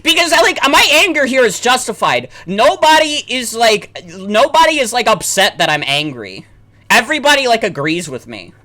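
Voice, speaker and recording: A woman streaming a game, ranting loudly with lots of swearing and "like" fillers. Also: a little high, very animated, moderate pace. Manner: profane, loud, lots of "like" fillers. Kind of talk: ranting let's-play commentary.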